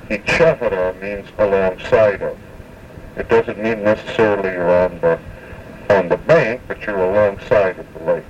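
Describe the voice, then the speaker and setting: A man giving a patient, methodical language lesson, explaining words one at a time with frequent pauses. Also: lowish voice. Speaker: language teacher. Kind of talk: slow spoken language lesson. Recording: dull, distant lo-fi recording with faint hiss.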